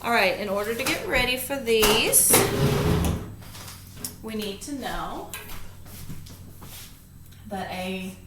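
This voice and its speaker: A woman's voice: on the high side, animated, very noisy. A woman teaching a phonics lesson, patiently going through the steps one at a time. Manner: slow, patient, step-by-step instruction. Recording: echoey classroom, faint ambience.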